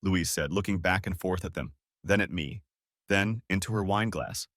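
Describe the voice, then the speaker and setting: Deep-voiced man narrating a story. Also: normal speed, a bit bright, dry recording, clean studio sound. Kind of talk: first-person audiobook narration.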